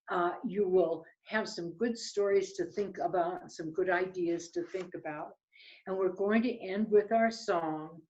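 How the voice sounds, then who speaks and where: Woman storyteller, picture book read-aloud, slow pace, slightly muffled recording. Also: mid-range voice. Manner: gentle, slow and expressive, addressing children. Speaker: children's storyteller.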